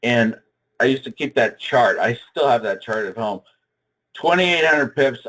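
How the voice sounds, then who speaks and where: At a trading seminar, an older man tells a personal story dramatically and emphatically, swinging widely in pitch and loudness. His intonation is lively and his pace unhurried, though the audio quality is poor.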